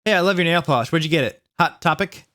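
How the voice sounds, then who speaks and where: A guy doing a chirpy goth lady teacher, crude and breezy, raised pitch. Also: fast talker, pushed and bright. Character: young goth woman teacher, crude and casual. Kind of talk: comic dramatic reading.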